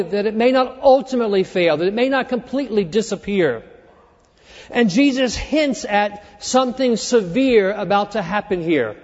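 A man preaching a sermon, earnestly walking through a scripture passage and dropping quieter when he quotes it. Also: very high voice. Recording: dull reverberant hall sound.

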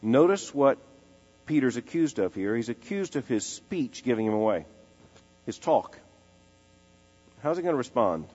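A male preacher delivers an emphatic expository sermon, repeating key phrases and slowing to let them land. His voice carries a long reverb, as in a large hall, with a dull lo-fi quality and faint music underneath. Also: medium pitch, sing-song, darkish tone, slightly rough.

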